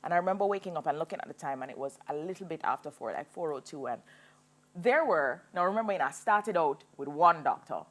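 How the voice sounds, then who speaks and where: A woman in her thirties tells her own story as a guest on a television interview. Her voice sits low, yet it rises and falls with a lot of life. She stays animated throughout. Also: fast talker. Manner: animated, laughs while telling her story. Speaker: singer and guest.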